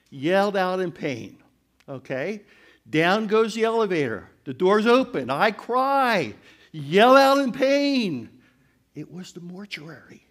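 An older man giving a storytelling testimony to a church congregation, animated and crying out as he retells events. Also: on the high side. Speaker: church speaker.

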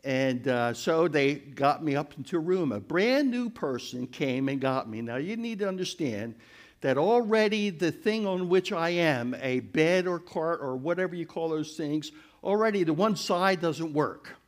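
An older man giving a storytelling testimony to a church congregation, animated and crying out as he retells events. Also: on the high side, a little slow. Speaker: church speaker.

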